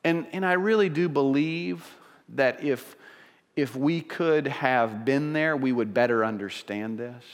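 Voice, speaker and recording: A man preaches to his congregation in an earnest, emphatic way, circling back and restarting phrases as he presses each point home. His voice sits in an ordinary middle register. It rings out with the long reverb of a large church sanctuary. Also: medium pitch. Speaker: pastor. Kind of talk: sermon.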